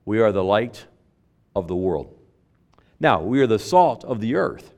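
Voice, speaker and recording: A man's voice: fairly low pitch, big pitch swings, a little slow, a little mellow. A male pastor preaching a sermon, quoting scripture and building to emphatic, stressed phrases with frequent repetition. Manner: repeats words, quotes King James scripture, builds to emphatic stresses.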